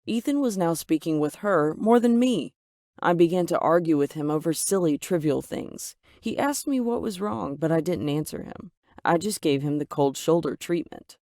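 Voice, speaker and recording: A woman reading a scripted first-person story as narrator, expressive and getting louder on angry lines. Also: sits low, normal speed, no room sound, studio quality.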